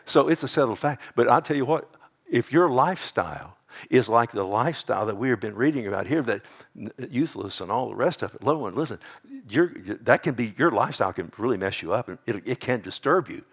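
A man's voice: mid-range voice, expressive, fairly quick. Male pastor, mid-range voice, emphatic sermon delivery with dynamic swings and call-outs to the congregation. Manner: emphatic preaching, big swings from loud to hushed; addresses listeners as "loved one", asks "amen?".

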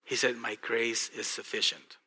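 Texan pastor guy preaching, really bright sharp voice, goes quiet and earnest then loud and fired up. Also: mid-range voice, normal speed, husky. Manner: impassioned, swings from hushed to loud and excited. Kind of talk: sermon.

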